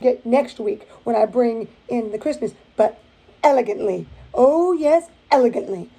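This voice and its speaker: Bubbly woman vlogger narrating a nail art tutorial, fairly high voice, playful exclamations. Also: unhurried, dark tone, poor audio.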